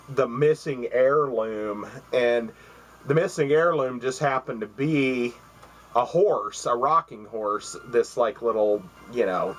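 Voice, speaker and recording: A man's voice: mid-range voice, a bit bright, poor audio. A man recording a casual home video, rambling through stories about gifts with many fillers and restarts. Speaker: vlogger showing gifts. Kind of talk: casual chat. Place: at home by his computer.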